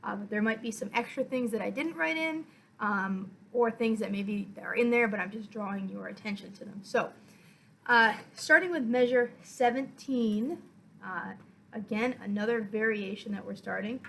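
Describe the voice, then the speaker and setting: A woman violin teacher giving a patient, step-by-step lesson, counting beats aloud and filling pauses with "uh" and "um". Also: medium pitch, vocal fry, a bit bright, a little hiss or hum, poor audio. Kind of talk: online music lesson.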